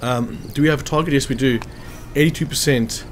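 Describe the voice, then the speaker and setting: Man, casual game commentary, thinks aloud, medium pitch, faint background music. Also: fairly quick. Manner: chatty, thinks aloud, counts hit percentages. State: hiccuping after lunch. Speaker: gameplay commentator.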